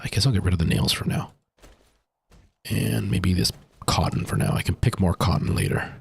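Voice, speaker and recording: A man streams a game live with a low, gravelly, slightly rough voice. He's anxious and jumpy, muttering to himself under stress and sometimes sinking into a nervous whisper as he narrates his play.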